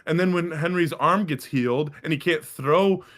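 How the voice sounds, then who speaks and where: A man co-hosting a casual podcast, telling a long story in a rambling, profane, animated way. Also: fairly high pitch, moderate pace. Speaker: podcast co-host. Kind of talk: casual sports podcast chat.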